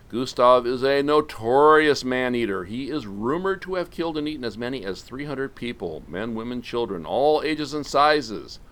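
A man's voice: mid-range voice, a bit bright. A man hosting a podcast, telling a story as a comic monologue full of wry, sardonic asides. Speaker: podcast host.

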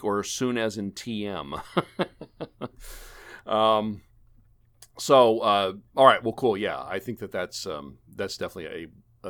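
A man with a low voice hosts a casual gaming podcast. His pitch swings widely as he rambles and jokes, often restarting his sentences. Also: fairly bright tone. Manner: rambling, jokey, many fillers and restarts. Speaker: podcast host. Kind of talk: casual gaming podcast chat, wrapping up the show.

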